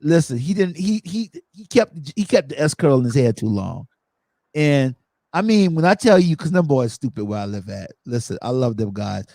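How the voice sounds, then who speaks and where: A man hosting a podcast in casual chat, telling funny stories with animated energy and acting out quotes. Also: medium pitch, normal speed, vocal fry, no echo. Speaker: podcast host.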